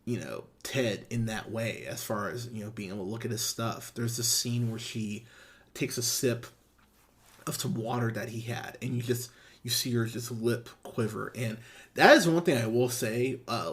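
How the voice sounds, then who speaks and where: A man's voice: mid-range voice, moderate pace. A young man hosting a podcast, giving an enthusiastic, profane review in casual chat with many restarts. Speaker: podcast host.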